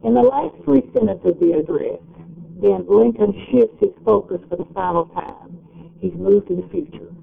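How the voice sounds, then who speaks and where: A man giving an explanatory lecture in a measured, step-by-step way. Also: high voice, vocal fry, phone-quality sound.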